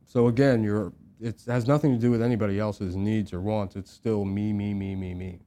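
Deadpan arguing man, dark voice. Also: fairly low pitch, normal speed. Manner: deadpan, argumentative. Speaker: podcast co-host. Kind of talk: casual comedic banter.

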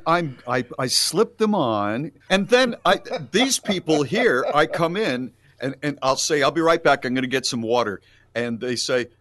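Lively rambling male radio co-host. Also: medium pitch, dry recording, studio quality. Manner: rambling, self-deprecating storytelling. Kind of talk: casual radio banter.

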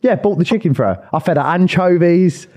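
A man's voice: high voice, animated, a little fast, a little mellow. Young man chatting on a podcast. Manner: chatty storyteller, swears casually. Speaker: podcast co-host. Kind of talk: casual chat. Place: podcast studio.

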